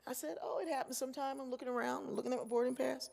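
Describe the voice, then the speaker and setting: Keynote speaker, woman, lively storyteller who acts out voices, fairly high voice, reverberant hall. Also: racing, vocal fry. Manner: animated, acts out voices in her stories. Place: large convention hall. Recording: echoey hall.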